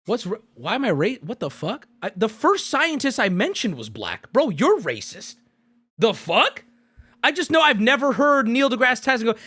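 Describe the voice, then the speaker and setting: A man in his thirties streaming, ranting with heavy profanity and breaking into sudden incredulous yells. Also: very high voice, big pitch swings, normal speed, dry recording. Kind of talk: ranting live stream commentary.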